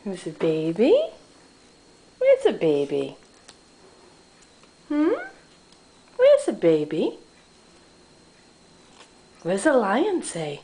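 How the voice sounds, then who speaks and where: Slow, sing-song woman quizzing a toddler. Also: mid-range voice, huge pitch swings, mellow. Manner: playful, sing-song questioning. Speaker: parent filming a toddler. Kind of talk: home video chat with a toddler.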